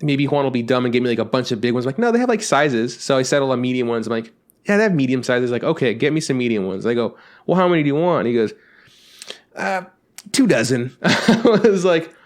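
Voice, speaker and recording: A man's voice: mid-range voice, fast. A young adult man on a casual podcast, telling rambling anecdotes and acting out quotes, swearing freely. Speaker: podcast co-host. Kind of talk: casual storytelling chat.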